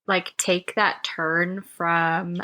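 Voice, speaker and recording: A woman with a bright, clear voice banters on a podcast. She talks in a playful, exclamatory way and makes jokes as she goes. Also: fairly low pitch, little pitch movement, extremely slow, slight background noise. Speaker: podcast co-host. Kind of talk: casual chat.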